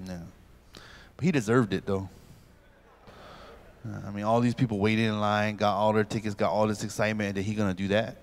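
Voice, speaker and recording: A man in his forties, a pastor giving a humorous lecture at a youth camp, telling stories in an animated comic way and acting out scenes. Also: fairly low pitch, brisk, long pauses. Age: 40s.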